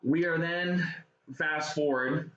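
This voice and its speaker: A man's voice: fairly high pitch, steady tone, slow pace, fairly bright tone. A man casually retelling movie scenes in a rambling way with lots of fillers. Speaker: movie reviewer. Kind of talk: casual chat. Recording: echoey room, dull lo-fi sound, faint noise.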